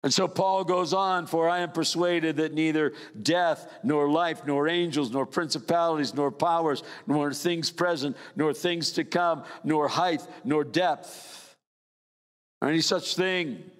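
An older male pastor delivers a sermon slowly and deliberately, in a slightly high voice. He lifts key phrases, then drops low and soft. His voice rings with a long reverb, as if filling a church hall. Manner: preaching with sweeping rises and drops in pitch.

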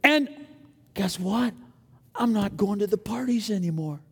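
Slow dramatic male preacher in a hall. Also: sits high, animated, slightly rough. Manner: dramatic swings from loud to hushed, acting out inner voices. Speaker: pastor. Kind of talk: sermon.

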